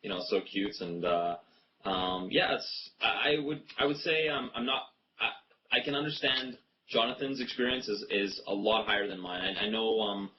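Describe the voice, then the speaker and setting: A man answering interview questions in an easygoing, halting way, laughing often. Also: on the low side. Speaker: interview guest. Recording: muffled, with noticeable background noise.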